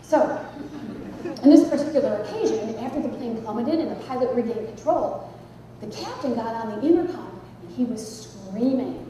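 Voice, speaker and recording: A woman tells a dramatic, funny story in a high, lively voice. Her voice carries through a large conference hall with long echo from a distant mic. Background noise sits under it. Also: moderate pace. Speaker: psychic, conference speaker. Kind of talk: humorous storytelling talk.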